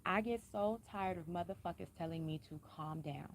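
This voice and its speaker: A blunt woman talks straight to her audience, cussing freely and hammering her points home with repetition. Her voice sits a little low for a woman, and she keeps it calm and level even when she is being pointed. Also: moderate pace, slight background noise. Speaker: vlogger. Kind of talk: casual personal talk to camera.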